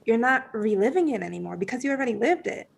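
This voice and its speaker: Animated woman with a gravelly edge. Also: a little high, quick pace. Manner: animated, many fillers, acts out her own past thoughts. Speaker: podcast guest. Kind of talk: casual storytelling.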